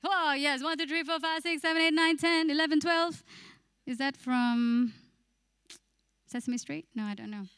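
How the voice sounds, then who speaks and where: A woman's voice: sits high, moderate pace, fairly bright tone, dry recording, studio quality. A woman preacher giving a passionate church sermon, acting out inner voices and speaking to the congregation. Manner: passionate, acts out inner voices, sings briefly.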